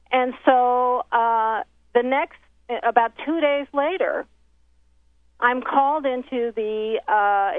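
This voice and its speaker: A woman recounting a professional story in casual conversation, acting out the voices of the people she quotes. The sound comes through a thin, tinny phone line. The recording is dry, with no room echo. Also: fairly high pitch. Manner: animated retelling with many quoted exchanges and restarts. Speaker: documentary filmmaker telling her story.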